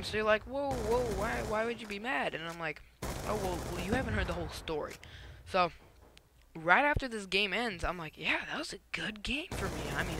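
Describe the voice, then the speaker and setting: A young man giving a casual gameplay commentary, telling a rambling, animated story with lots of "um" and "like". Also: sits high, noisy background.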